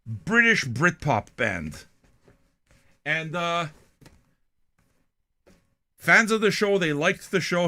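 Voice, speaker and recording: A man's voice: on the high side, very animated, slow, pauses often, pushed and bright. An older man from Canada, hosting a music reaction show in a blunt, profane, rambling monologue.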